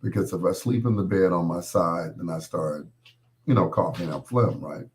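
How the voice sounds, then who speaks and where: Low-voiced man hosting a rambling live stream. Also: moderate pace. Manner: rambling, joking, talks straight to viewers. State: recovering from losing his voice. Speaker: host of a live stream show. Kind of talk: casual chat with live viewers.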